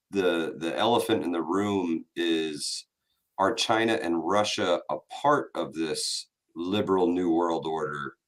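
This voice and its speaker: A male podcast host in casual discussion, unhurried and quick to laugh. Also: sits low, fairly bright tone.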